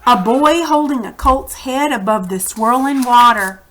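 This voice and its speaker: A woman teacher reads aloud to her class at a slow, careful pace. She stops to explain words along the way. Her voice sits fairly high and sounds bright and crisp. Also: slight background noise. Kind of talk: reading a story aloud to students.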